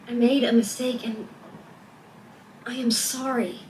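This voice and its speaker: An actress playing a woman pleading with her angry boyfriend in a TV drama, earnest and soft-spoken. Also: on the high side, little pitch movement, unhurried, a little hiss or hum, natural voice. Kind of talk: TV drama acting. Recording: roomy, distant TV clip audio.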